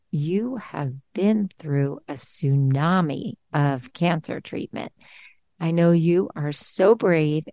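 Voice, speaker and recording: A woman hosting a video-call conversation, talking in an earnest, encouraging way and gently giving advice. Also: deep voice, no room sound, clean studio sound. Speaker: host.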